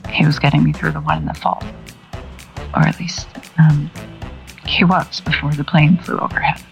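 A woman with a slightly low voice banters playfully between takes. She laughs and teases her castmates. Music plays clearly under her. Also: steady tone, normal speed. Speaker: voice actor on a recording set. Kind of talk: casual banter during outtakes.

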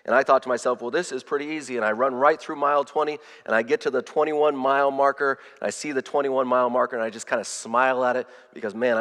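A male pastor delivers a storytelling sermon in an ordinary middle register. His delivery surges and drops from loud to nearly hushed, often repeating words as he builds momentum. The sound carries the long reverb of a large church hall. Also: medium pitch. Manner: animated, swings from loud to hushed, repeats words when excited.

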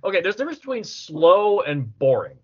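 A man's voice: sits high, very animated, brisk, a little mellow, breathy edge. A man giving his opinions in a casual movie discussion, explaining his point with lots of "like". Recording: dull lo-fi sound.

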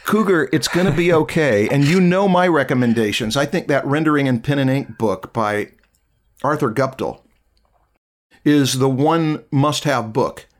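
A middle-aged man co-hosting a casual art chat, giving thoughtful drawing advice in a measured way. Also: medium pitch. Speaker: art podcast co-host.

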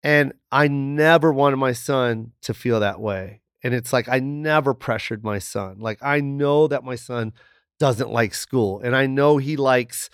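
A middle-aged man, a comedian guest in a casual interview, telling stories in an animated, profane, rambling way. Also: mid-range voice, unhurried, smooth, no echo, clean studio sound.

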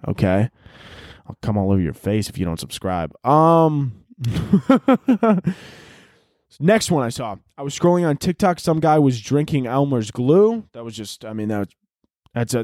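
A man hosting a podcast alone, rambling through a crude comedic monologue and jumping into loud shouted bits. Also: medium pitch, dry recording, studio quality. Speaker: podcast host.

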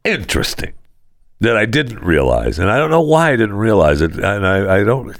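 Sardonic man with a gravelly low voice. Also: a bit bright, no echo, clean studio sound. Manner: sardonic, mocking asides. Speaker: host. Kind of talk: sarcastic news commentary.

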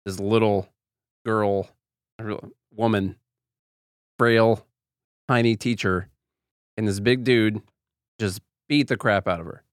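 A man's voice: on the low side, fairly even intonation, slow pace, pauses often, no echo, clean studio sound. A man hosting a podcast, talking in a sarcastic, opinionated and rambling way. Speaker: podcast host. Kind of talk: casual commentary.

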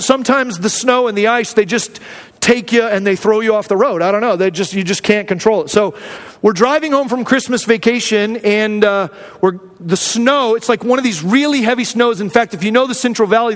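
Male pastor from Arizona with a high voice, earnest and conversational storytelling, with a long hall echo. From Arizona, USA. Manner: earnest, candid, conversational with many restarts. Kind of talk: sermon storytelling.

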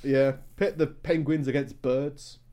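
A young man in casual chat, joking and swearing, breaking into high laughing exclamations. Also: fairly even intonation, measured pace, mellow. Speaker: co-host.

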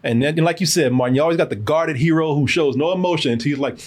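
A man hosting a casual movie review podcast, joking and animated, laughing often. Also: fairly high pitch, very fast. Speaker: podcast host and film reviewer.

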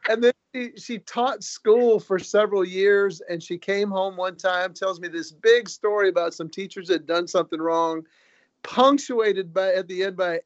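A man who is a comedian and author, telling stories as a guest in a casual, animated, joking way. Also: high voice, moderate pace, no room sound. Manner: animated, joking, quotes people in their own words. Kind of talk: casual storytelling. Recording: dull, lo-fi recording.

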